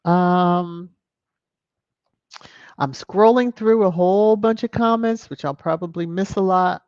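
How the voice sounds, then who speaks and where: A woman's voice: lowish voice, darkish tone, dry recording, lo-fi sound. A woman hosting a casual livestream, reading viewer comments aloud with a playful, teasing manner and frequent chuckles. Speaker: livestream host.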